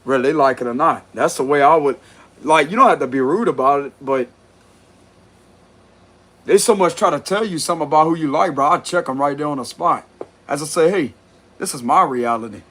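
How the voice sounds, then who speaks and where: A man's voice: a little high, brisk, long pauses, a bit bright. A man giving a casual tarot reading, talking bluntly with frequent cursing and laughter. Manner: blunt, profane, laughs often. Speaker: tarot reader.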